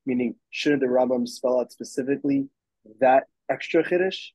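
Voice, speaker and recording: A man's voice: medium pitch, moderate pace, a little mellow, dry recording, low-quality recording. A man, a student in a Talmud class, raising a challenging question to his rabbi. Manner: challenging, inquiring.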